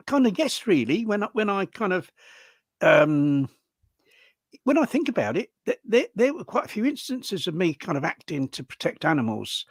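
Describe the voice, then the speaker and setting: An older man recounts his memories in an animated way. His voice sits fairly high and rises and falls freely. The sound is dry and close, with little room around it. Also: dry recording. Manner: animated, lively storyteller. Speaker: guest. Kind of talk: casual storytelling conversation.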